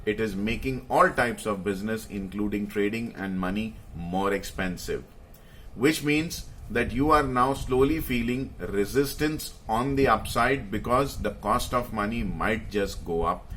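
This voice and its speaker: Low-voiced man explaining markets. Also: a bit bright, slight background noise. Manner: hesitant with many fillers, stressing key phrases. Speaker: market commentator. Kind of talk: explaining investing to viewers.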